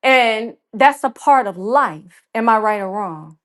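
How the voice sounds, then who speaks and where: Woman, Southern accent, from Georgia, slow deliberate talk, slightly high voice. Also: expressive. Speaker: caller on a live stream. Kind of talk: casual opinion talk.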